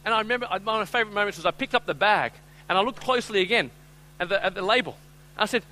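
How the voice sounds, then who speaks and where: A man giving a humorous talk, drawing the audience in with call-and-response bits. His voice sits high and sounds bright and forceful. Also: racing, poor audio. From Australia. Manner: animated, joking, coaxes audience to join in. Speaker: speaker.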